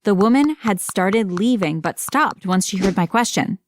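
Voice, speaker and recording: A woman giving scripted first-person narration for an animated story, matter-of-fact with wry asides. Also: medium pitch, moderate pace, no echo, clean studio sound.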